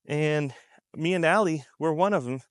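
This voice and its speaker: A man from the United States with a slightly high, smooth voice speaks at a moderate pace directly to his viewers as a commentary vlogger. His unscripted remarks are emphatic and conversational, repeating points and acting out people's reactions. The audio is studio quality with no room sound.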